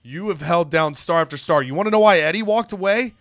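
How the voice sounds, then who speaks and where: A man's voice: high voice, fairly quick, fairly bright tone, no room sound. A man voicing a cocky, arrogant male pro wrestler delivering taunting trash talk in a game story.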